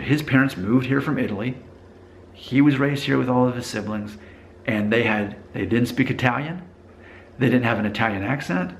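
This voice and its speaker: A man's voice: medium pitch, a little hiss or hum. A man vlogging in a conversational, explanatory way, thinking aloud and restarting sentences as he goes. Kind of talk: casual talking-to-camera monologue.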